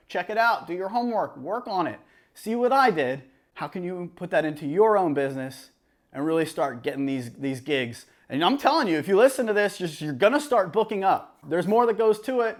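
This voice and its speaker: A man who works as a wedding DJ, giving other DJs casual advice in an energetic, emphatic way with lots of fillers. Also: sits high. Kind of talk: casual advice talk to camera.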